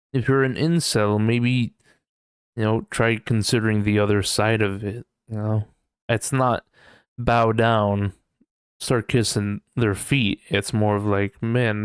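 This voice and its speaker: A man's voice: fairly low pitch, clean tone, no room sound, clean studio sound. A man hosting a casual solo podcast, rambling loosely and laughing often, with lots of "you know". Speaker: podcast host.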